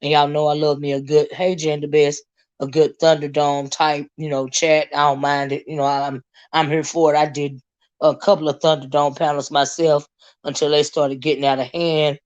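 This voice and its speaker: A hoarse woman, hosting a casual livestream, greeting viewers and chatting with many fillers and asides. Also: low-pitched, level tone, normal speed, a little mellow, highs cut off. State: hoarse, lost her voice. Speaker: livestream host.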